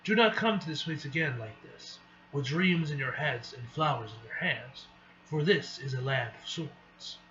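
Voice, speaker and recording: Stern warrior boss read by a guy, grave, bright voice, muffled mic. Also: a little high, animated. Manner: grave, warning, halting reading. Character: stern leader of a warrior people. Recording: dull lo-fi with faint hiss.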